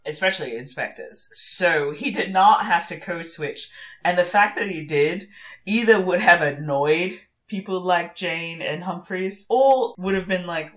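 A woman's voice: fairly low pitch, measured pace, a bit bright. A young woman with a posh southern English accent, chatting and laughing often as a podcast co-host, swearing freely. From England. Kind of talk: casual chat recapping a show.

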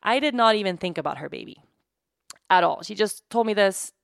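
A woman in her thirties hosting a podcast, talking candidly and emotionally in a halting way, tired from sleepless nights. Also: medium pitch, animated, creaky, no room sound, studio quality. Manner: halting, emotional, many restarts and "like". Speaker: podcast host. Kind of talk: candid personal monologue.

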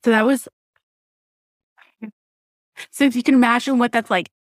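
A woman in her thirties from Southwest Florida shares a deep loss as a podcast guest. She talks candidly, her emotion rising through halting restarts and blunt words. The sound is dry and close, with no room echo. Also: steady tone. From Southwest Florida, USA. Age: 30s. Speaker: interview guest. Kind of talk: personal storytelling in a podcast interview.

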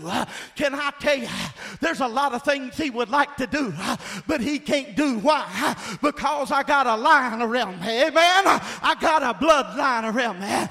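A man preaching a sermon, emphatic and call-and-response, often shouting his points. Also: very high voice, moderate pace.

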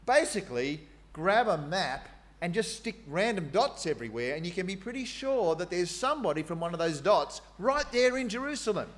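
A man preaching a sermon in an animated, conversational way, with fillers and asides. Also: high voice, normal speed, hardly any pauses.

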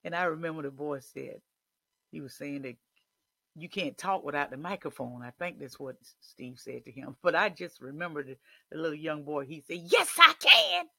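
A man preaching a sermon, building from quiet reflection to shouted declarations. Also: on the high side, moderate pace, vocal fry, husky, dry recording.

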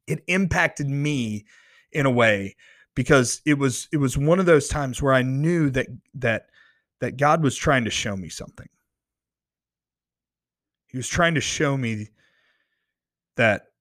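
A man shares a personal faith story, earnest and easily excited, tripping over his words and restarting lines as he gets worked up. His voice sits at an ordinary middle pitch. It is recorded close on a microphone with a dry sound. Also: no room sound. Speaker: podcast host. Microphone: close studio microphone.

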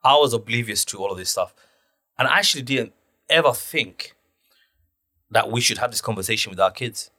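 A man's voice: medium pitch, fairly quick, pauses often. A man telling stories animatedly in a casual podcast chat, full of slang. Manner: animated storyteller, loose slang, acts out quotes.

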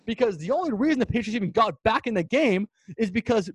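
A man's voice: sits high, lively intonation, quick pace, breathy edge, no room sound. A man co-hosting a sports podcast in casual chat, emphatic and ranting, repeating his points for effect. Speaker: podcast co-host.

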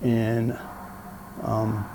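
A middle-aged man, an interview guest, telling a story in a blunt, profane, animated way. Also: lowish voice, very slow, noisy background. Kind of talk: casual storytelling.

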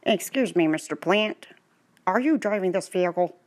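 A woman's voice: on the low side, lively intonation, moderate pace, natural voice. A woman voicing a traffic cop questioning a plant in a mock-official tone, close to her own voice.

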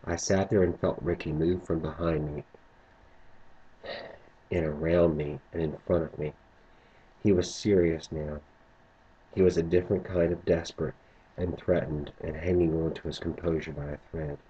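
A man narrating a first-person story in a low, subdued way, on a muffled lo-fi recording. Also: steady tone, moderate pace, long pauses, dark tone, a little hiss or hum.

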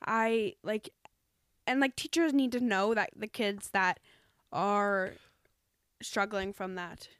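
Earnest young woman, smooth clear voice. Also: mid-range voice, fairly even intonation, slow, long pauses, fairly bright tone, dry recording. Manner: earnest, rambling with many "like"s. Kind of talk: casual chat.

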